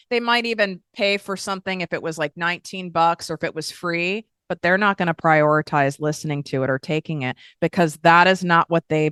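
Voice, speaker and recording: Woman, low pitch, smooth clear voice, blunt casual coaching, swears freely. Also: no echo, clean studio sound. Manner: blunt, swears freely, animated with emphatic asides. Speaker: podcast host and business coach.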